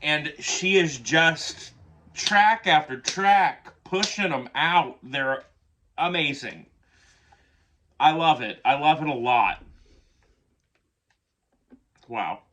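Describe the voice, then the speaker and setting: A man's voice: on the high side, animated, very slow, pauses often, pushed and bright, slight background noise. A man giving casual reaction commentary on an album, gushing and chatty, who swears casually and keeps yawning. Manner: yawns often. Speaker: music reaction youtuber.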